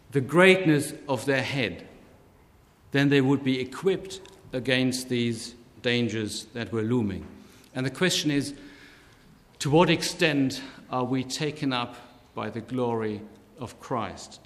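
A man preaching a sermon slowly and deliberately, lifting his voice on key words. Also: mid-range voice. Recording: long hall reverb.

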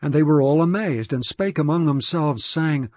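A man giving a measured, solemn scripture reading. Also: a little high, a little mellow, no room sound. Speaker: scripture reader. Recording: dull, dry lo-fi recording.

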